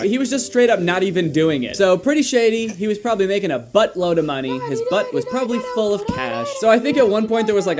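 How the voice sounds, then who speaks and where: A man giving casual commentary, full of sarcastic, dry joking asides. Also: fairly high pitch. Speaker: commentary YouTuber.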